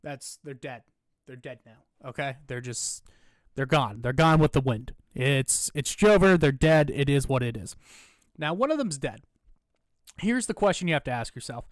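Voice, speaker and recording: A young man streaming casually, rambling and putting himself down, turning loud and animated when he rants. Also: medium pitch, normal speed, no room sound, studio quality. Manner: rambling, self-deprecating, gets loud and animated when ranting. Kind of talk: casual chat.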